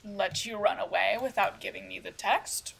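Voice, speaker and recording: A woman voicing a commanding vampire camp leader who speaks in a brisk, authoritative way. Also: mid-range voice, fairly even intonation, creaky, fairly bright tone, slight background noise.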